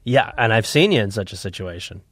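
A man co-hosting a comedy podcast who banters in a joking, animated way, throwing in quick silly asides. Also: lowish voice, no room sound, clean studio sound.

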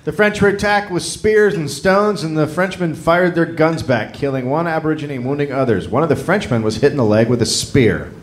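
A man co-hosting a live comedy podcast, reading a story from notes and breaking off to joke and shout. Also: on the high side, brisk, hardly any pauses. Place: live stage before an audience. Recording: live show, audience noise behind.

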